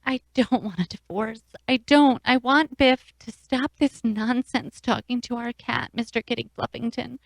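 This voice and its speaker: A woman's voice: fairly high pitch, measured pace, gravelly, few pauses, dry recording. A woman playing an emotional, melodramatic pregnant wife in court for an improv comedy sketch. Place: radio studio.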